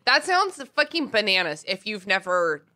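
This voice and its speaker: Bright-voiced woman podcast co-host. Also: medium pitch, normal speed. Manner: animated, laughing, swears freely. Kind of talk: casual chat.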